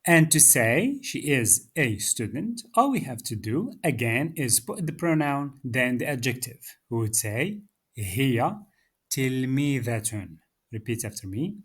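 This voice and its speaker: Man, Arabic teacher, slow deliberate pace, patient drilling, husky tone. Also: medium pitch, big pitch swings, a bit bright. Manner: patient, drills words for repetition. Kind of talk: slow beginner language lesson.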